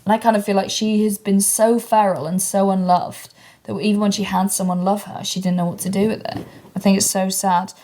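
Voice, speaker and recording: A woman in her thirties co-hosts a comedy podcast at a mid pitch. She rattles through anecdotes in a blunt, sweary way, recorded close on a podcast mic. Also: level tone, fairly quick, warm tone. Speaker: podcast co-host. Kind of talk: casual comedic chat.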